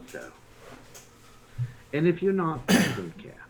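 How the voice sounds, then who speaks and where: A man's voice: on the high side, huge pitch swings, slow pace, darkish tone, a little hiss or hum. A man questioning a captive in character during a tabletop game, in a dry, sarcastic way. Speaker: player. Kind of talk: in-character interrogation. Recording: tinny phone-like line.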